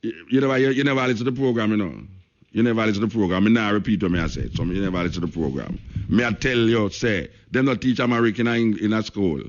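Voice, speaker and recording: A man's voice: fairly low pitch, quick pace. A Jamaican man hosting a radio talk show, speaking patois and hammering his points home by repeating himself. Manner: emphatic, repeats phrases for stress, speaks patois. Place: radio studio. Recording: lo-fi radio broadcast.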